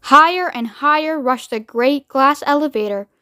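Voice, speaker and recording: A woman's voice: high voice, moderate pace, bright, forceful tone, no room sound, studio quality. Woman reading a storybook aloud. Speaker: read-aloud reader.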